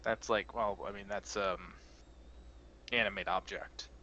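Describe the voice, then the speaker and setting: A man's voice: lowish voice, fairly even intonation, a little slow, sharp tone, highs cut off, a little hiss or hum. A man playing a tabletop game over an online voice call, hesitant and trailing off with fillers. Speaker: player.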